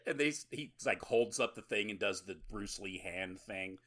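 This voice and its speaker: A man's voice: on the low side, normal speed, fairly bright tone. A man co-hosting a podcast, recapping a horror movie in casual, rambling, profane chat and laughing often. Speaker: podcast co-host.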